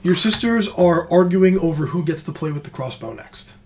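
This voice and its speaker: A game master calmly narrating a tabletop role-playing game to the players. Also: mid-range voice, moderate pace.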